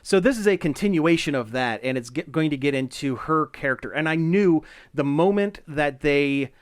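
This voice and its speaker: A man co-hosting a pop culture podcast in casual chat, animated and laughing often, with many fillers and restarts. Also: on the high side, normal speed, no room sound, studio quality. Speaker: podcast co-host.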